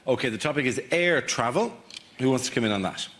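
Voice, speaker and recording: A man with an Irish accent hosting a comedy panel show, briskly announcing topics and handing over to the comedians. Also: mid-range voice, expressive. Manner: brisk, upbeat introductions. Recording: loud studio audience and noise.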